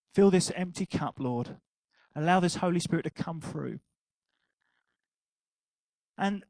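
An older man preaching a sermon, telling an anecdote with laughter and animated asides. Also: sits high, no room sound, rough recording. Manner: animated storytelling, laughing at his own anecdote.

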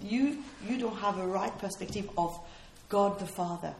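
A woman's voice: medium pitch, moderate pace, a little hiss or hum. A woman preaching a sermon in an earnest, emphatic way, repeating her key phrases for weight. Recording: roomy hall echo.

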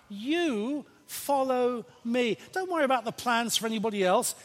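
High-voiced preacher in reverberant church. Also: male voice. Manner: lively, playful and emphatic, asks the congregation questions. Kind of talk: sermon.

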